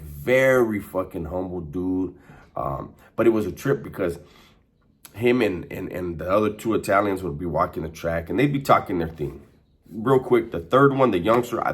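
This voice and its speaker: Deep-voiced man telling prison stories. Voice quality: profane, conversational. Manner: streetwise slang, frequent restarts and fillers. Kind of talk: casual storytelling monologue.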